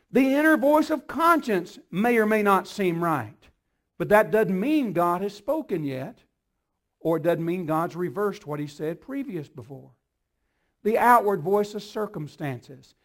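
A man with a high voice delivers a sermon. He asks the congregation rhetorical questions, then presses his points loud and emphatic. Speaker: preacher.

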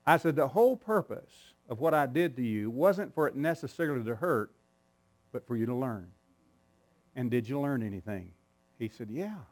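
A middle-aged man preaching a sermon, telling a family story with acted-out quoted voices and frequent laughter, moving from quiet low lines to loud high outbursts. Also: expressive, moderate pace. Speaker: pastor.

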